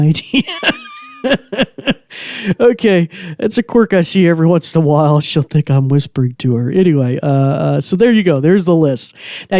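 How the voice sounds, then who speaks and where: A man's voice: fairly high pitch, a little mellow, dry recording. A man hosting a casual tech tutorial podcast from a small studio, talking loosely with plenty of fillers while demonstrating. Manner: chatty, loose, many fillers. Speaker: podcast host.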